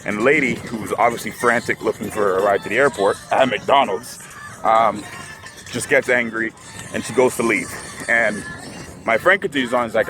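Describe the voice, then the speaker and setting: A man's voice: mid-range voice, unhurried, long pauses, music in the background. A young man telling a story to camera in a casual, rambling way, full of filler words. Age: young adult. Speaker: vlogger.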